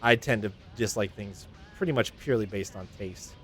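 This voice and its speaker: A man streaming a game, making wry, deadpan asides between reading the dialogue. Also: on the low side, moderate pace, soft background music. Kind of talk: casual gameplay commentary.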